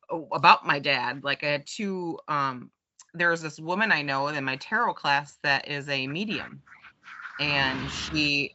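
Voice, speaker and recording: Bright-voiced chatty woman, lo-fi. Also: deep voice. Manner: chatty storyteller, quotes others in lively voices. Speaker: podcast co-host. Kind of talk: casual chat. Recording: dull lo-fi sound.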